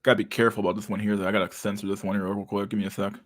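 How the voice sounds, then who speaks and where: A man's voice: fairly low pitch, level tone, rapid-fire. Casual, profane man streaming commentary. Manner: profane, loose and meandering, laughs often. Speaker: streamer reacting to memes.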